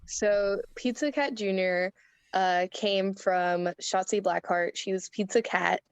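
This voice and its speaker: A woman's voice: mid-range voice, fairly even intonation, slow, smooth, no room sound. A young woman telling a story in an interview, chatty, laughing often and acting out quotes. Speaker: wrestler interview guest.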